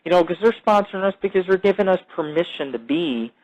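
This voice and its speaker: Heard on lo-fi audio, this man's voice is high, expressive and darkish as he hosts his own podcast. He rambles casually, swears without restraint, goes off on tangents and mythologizes himself. Halting restarts and repeated fillers run through his speech.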